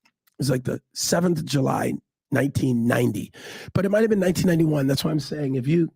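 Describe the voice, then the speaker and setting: Gravelly, animated man telling stories. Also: quick pace, dry recording. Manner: animated, acts out quotes with big pitch jumps. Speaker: guest. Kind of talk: storytelling in a casual interview.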